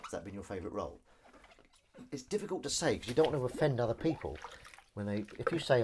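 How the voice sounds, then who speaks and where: Chatty, animated man live-streaming. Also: on the low side, quick pace, breathy edge. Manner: chatty and animated, reading viewer comments aloud, laughing. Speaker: live stream host and actor. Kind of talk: casual live-stream chat.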